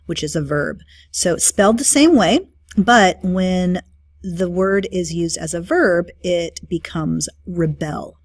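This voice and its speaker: A woman's voice: fairly low pitch, dry recording. A woman teacher talking through a study guide review, explaining terms with frequent um and uh fillers.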